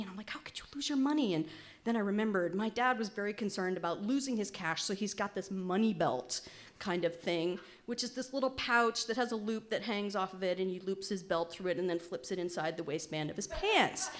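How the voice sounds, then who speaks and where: A woman in her forties telling a funny personal story at a live storytelling night, animated and wry, with good comic timing. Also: medium pitch.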